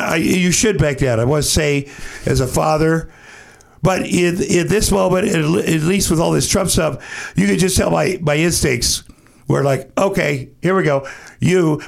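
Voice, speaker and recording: A middle-aged man, a podcast guest, telling a rambling story in a casual, animated way and acting out the quotes. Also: fairly high pitch, vocal fry.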